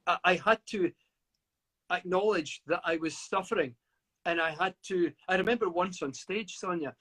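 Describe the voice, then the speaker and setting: Middle-aged uk guy, high voice, talks slow and thoughtful, lots of restarts. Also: a bit bright. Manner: reflective, with frequent stammered restarts. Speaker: guest author. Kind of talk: interview over a live video call.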